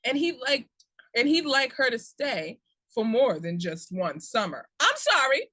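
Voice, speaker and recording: A woman's voice: fairly high pitch, lively intonation, a little slow, a bit bright, no echo. A woman hosting a casual podcast chat about upcoming movies, reading summaries aloud with laughing asides. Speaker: podcast host.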